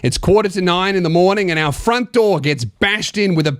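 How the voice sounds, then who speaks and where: A man's voice: a little high, expressive, moderate pace, hardly any pauses, no echo, studio quality. Crude, riffing comedy podcast host, man. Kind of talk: comedic story reading.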